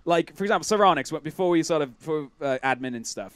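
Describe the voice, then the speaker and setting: A man with a high, wildly swinging voice co-hosts a rowdy gaming chat. He gets loud, swears often and breaks into laughter. The recording is dry and close, with no room sound. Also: fast, clear, resonant tone, dry recording. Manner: excitable, swears a lot, shouts and laughs. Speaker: co-host of a gaming channel. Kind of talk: rowdy casual chat over gameplay.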